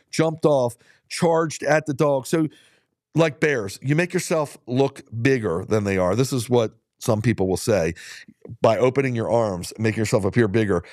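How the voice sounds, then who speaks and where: A man's voice: mid-range voice, a little mellow, no echo, studio quality. A middle-aged man, a dog musher, chatting casually to his viewers and telling rambling stories full of fillers and restarts. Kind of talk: casual talk to viewers while out on a ride.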